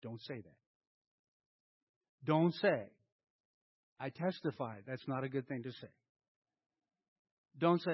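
A man's voice: medium pitch, slow, pauses often, husky, muffled recording. A man preaching a sermon, acting out his inner dialogue as he talks to his congregation. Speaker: pastor.

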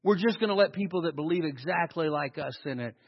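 A man preaching a sermon as pastor, animated and sarcastic, with mocking asides to the congregation. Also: fairly high pitch, quick pace, husky, long reverb tail, dull audio.

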